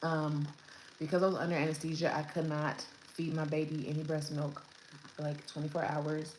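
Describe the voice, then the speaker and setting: A woman's voice: low voice, monotone, moderate pace, darkish tone. A young woman, a new mother, chatting casually through her birth story, rambling with lots of fillers and restarts, at home with her baby. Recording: echoey room, faint background noise.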